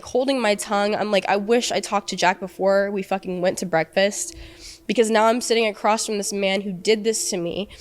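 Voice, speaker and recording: A young woman, an interview guest, recounting a painful personal ordeal in a halting, emotional way, with many fillers and restarts. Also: medium pitch.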